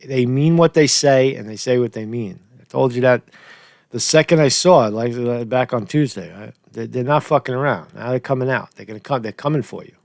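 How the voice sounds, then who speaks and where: A man's voice: medium pitch, brisk, vocal fry, a little mellow, no echo, clean studio sound. A man hosting a show, giving blunt, sarcastic casual commentary on clips he plays. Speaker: host.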